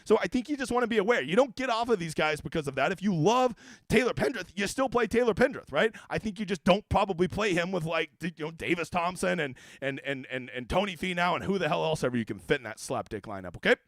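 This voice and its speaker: A man's voice: high-pitched, expressive, fast talker, fairly bright tone, dry recording. A man hosting a casual fantasy golf livestream, talking in brash, profane, joking rants. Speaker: fantasy sports golf analyst.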